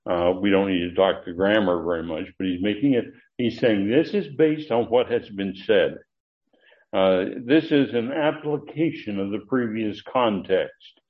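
Slow, low-voiced male Bible teacher. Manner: deliberate, with frequent uh fillers and emphatic rises. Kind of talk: verse-by-verse Greek Bible lesson. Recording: dull lo-fi recording.

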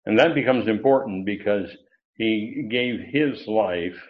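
A man's voice: on the low side, a little slow. Man, pastor, expository sermon, teacherly, emphatic lifts, tinny phone-line audio. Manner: teacherly, stresses key words with sudden lifts.

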